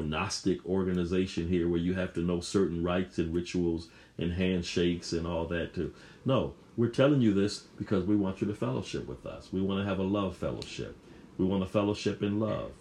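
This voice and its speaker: A man's voice: low voice, a little mellow, a little hiss or hum. A man preaching a sermon, emphatic and repetitive, often restarting his phrases.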